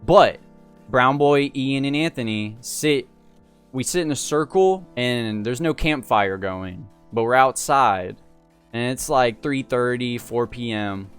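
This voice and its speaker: Man, casual storytelling, slangy, laid-back, animated, mid-range voice, soft music underneath. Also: mid-range voice, slow pace, smooth. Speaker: storyteller host.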